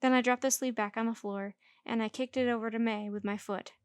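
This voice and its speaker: A woman's voice: a little high, fairly quick, clean tone, no room sound. Woman reading a children's story aloud. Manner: lively first-person narration. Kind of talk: children's book read-aloud. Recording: dry close recording.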